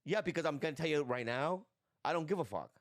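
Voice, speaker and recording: Animated man telling a story. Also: a little high, fast, no echo, clean studio sound. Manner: animated storyteller, swears freely, acts out scenes. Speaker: podcast guest, comedic actor. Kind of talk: casual podcast chat, storytelling.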